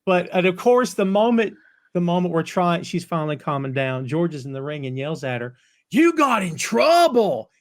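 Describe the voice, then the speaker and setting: A man hosting a casual podcast chat who tells animated anecdotes. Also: on the high side, brisk. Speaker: podcast host.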